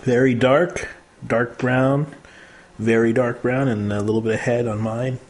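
A man's voice: mid-range voice, steady tone, a little slow, darkish tone, a little hiss or hum. A man hosting a casual beer tasting chat, joking and describing flavors and brewery facts. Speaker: host.

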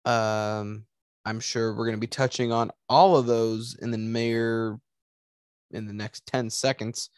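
A man's voice: on the low side, little pitch movement, a little slow, clear, resonant tone, dry recording, studio quality. A young man co-hosting a podcast in casual chat, joking around and swearing, often trailing off. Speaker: podcast co-host.

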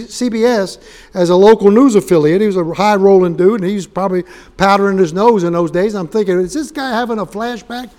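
A man's voice: sits high, darkish tone. A man giving a storytelling sermon as a guest preacher, joking and acting out quoted dialogue in different voices. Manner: humorous, acts out quoted dialogue.

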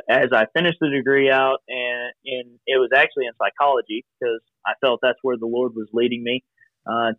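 A man's voice: medium pitch, no room sound. A man in his thirties tells a long personal story as a guest over a video call. His voice comes through a thin, phone-like line with a dry sound and no room around it. He rambles and fills gaps with "um" and "you know", and acts out the voices of people he quotes. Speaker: podcast guest. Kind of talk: casual storytelling.

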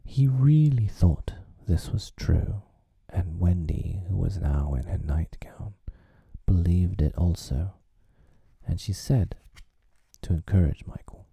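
A man reading a children's story aloud as a whispered role-play for an ASMR audience, with a gravelly whisper. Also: low-pitched, takes it slowly, dark tone, no room sound.

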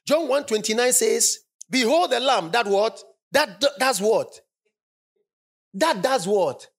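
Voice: mid-range voice, animated, slow pace, vocal fry, husky. A preacher giving a sermon in a church service, stressing points by repeating phrases and drawing call-and-response from the congregation.

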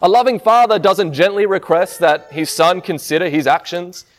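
A man's voice: sits high, moderate pace. Man preaching a conversational sermon. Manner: conversational, asks the listeners rhetorical questions.

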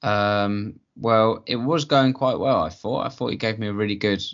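Deep guy, hesitant, bit lo-fi. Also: normal speed. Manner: hesitant, sheepish. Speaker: podcast co-host. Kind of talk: comic podcast banter. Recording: slightly dull lo-fi.

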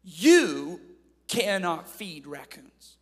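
Firm no-nonsense old grandma, as a preacher quotes her, highish voice in a big echoey hall. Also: big pitch swings, extremely slow, exaggerated voice. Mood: stern. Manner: firm and stern. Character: strict old grandmother laying down rules.

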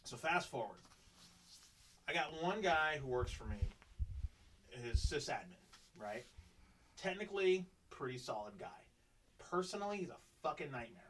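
A man with a voice on the high side tells a long work story in a casual podcast chat, at a moderate pace with frequent pauses. He swears freely and animatedly acts out what people said, and the audio is poor with a distant mic.

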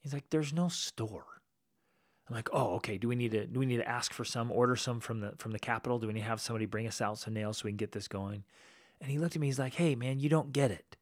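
Low-voiced man telling a story. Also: rapid-fire, no room sound, clean studio sound. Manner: animated, acts out quoted people. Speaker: podcast host. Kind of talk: storytelling podcast monologue.

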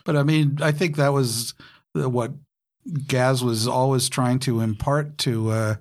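A man's voice: mid-range voice, steady tone, unhurried. Man, mid-range voice, easygoing podcast guest. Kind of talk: casual podcast chat.

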